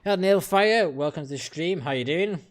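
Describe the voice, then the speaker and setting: A man's voice: a little high, quick pace. Blunt, sweary British man streaming a game. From United Kingdom. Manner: blunt, opinionated and profane, chatting with viewers. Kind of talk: casual live-stream chat while playing.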